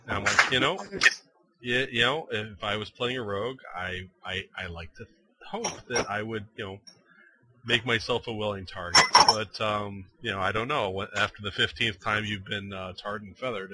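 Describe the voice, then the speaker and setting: Against a noisy background, a podcast co-host with a fairly low voice talks at normal speed on a casual gaming show. He's an animated storyteller who laughs often and acts out quoted lines.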